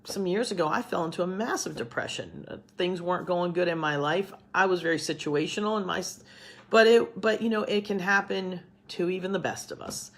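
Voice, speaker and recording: A middle-aged woman talks to her camera at home in a loose, chatty way, with a somewhat low voice. She rambles and circles back on herself, upbeat and open. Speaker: cooking teacher. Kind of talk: casual talk to camera.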